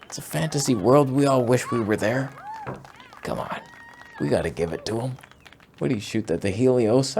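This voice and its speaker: A man's voice: medium pitch, expressive, normal speed, gravelly, a little mellow, a little hiss or hum. A man hosting a comedic photo critique, ranting sarcastically and hurling insults with exasperation. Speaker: photography video host.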